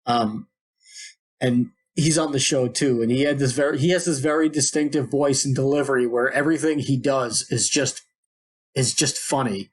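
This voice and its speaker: A man's voice: medium pitch, steady tone, moderate pace. A man co-hosting a podcast, telling a long story in a rambling, digressive way. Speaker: podcast co-host. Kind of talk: casual podcast chat.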